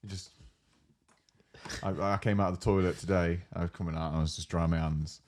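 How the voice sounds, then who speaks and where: A young man with a low, deep voice chats on a casual podcast. He tells workplace stories with gusto, acting out his coworkers' lines and swearing freely. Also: steady tone, a little fast. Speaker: podcast co-host. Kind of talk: casual chat.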